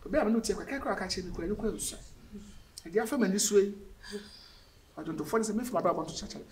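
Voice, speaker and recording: A man's voice: high voice, a little hiss or hum. An actor playing a distressed man who begs and warns, repeating his words. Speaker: actor in a Ghanaian film. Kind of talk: emotional film acting.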